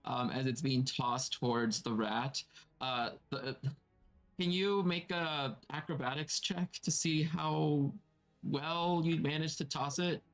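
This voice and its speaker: A man narrating as dungeon master for a tabletop game, describing scenes slowly with fillers. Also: fairly high pitch, fairly even intonation.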